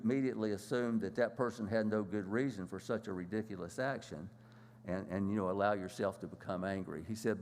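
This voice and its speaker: A man gives a church lesson in a low voice, pausing often and restarting his sentences. His voice carries a long reverb from a church hall. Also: a little mellow. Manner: plain, halting, many fillers and restarts. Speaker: church class teacher.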